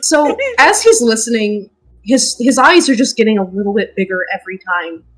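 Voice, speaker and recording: A woman's voice: medium pitch, moderate pace, a bit bright, soft background music. A woman playing a tabletop game, playful and hesitant, laughing often. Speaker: player.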